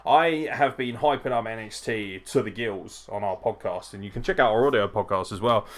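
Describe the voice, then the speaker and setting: A man's voice: fairly low pitch, normal speed. Tipsy, swearing man hosting a watchalong. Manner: profane, chatty, frequent swearing. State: tipsy from drinking. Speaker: wrestling podcast host. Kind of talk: live watchalong commentary.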